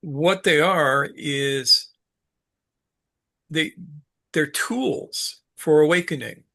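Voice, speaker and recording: Man teaching, slow delivery, gravelly voice, halting with fillers, dry humor. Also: a little high, pushed and bright. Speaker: speaker leading a study group talk. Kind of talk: unscripted teaching talk.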